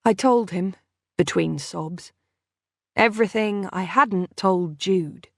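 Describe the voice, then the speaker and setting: A woman narrating a first-person thriller audiobook in a measured, unhurried way. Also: on the low side, creaky, a bit bright, no echo, clean studio sound.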